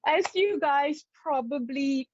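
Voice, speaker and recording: A woman hosting a psychic live stream, chatty and playful as she greets viewers. She talks slowly in a fairly high voice. The sound is dull and lo-fi, with a dry, close feel. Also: no room sound. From England. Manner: chatty and playful, laughs often. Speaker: psychic medium and spirit artist.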